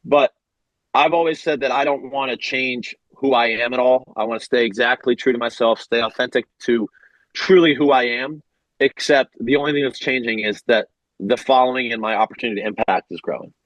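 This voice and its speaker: A man's voice: medium pitch, brisk, a bit bright, dry recording, low-quality recording. A young man in his twenties, a guest in a casual interview, speaking earnestly and from the heart with lots of "like". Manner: earnest, heartfelt, many fillers like "like". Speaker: guest, baseball pitcher.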